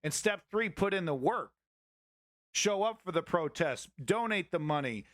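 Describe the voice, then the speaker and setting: A man's voice: high-pitched, expressive, a little slow, fairly bright tone, no echo, clean studio sound. A man hosting a live political commentary stream, ranting heatedly and swearing at his chat.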